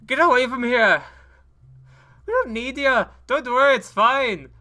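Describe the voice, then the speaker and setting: A man voicing a cocky woman racer with a fake British-style accent, shouting mocking taunts in a raised put-on voice. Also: very high-pitched, animated, unhurried, voice pushed up, heavily acted. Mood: taunting. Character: brash cocky woman racer, badass driver.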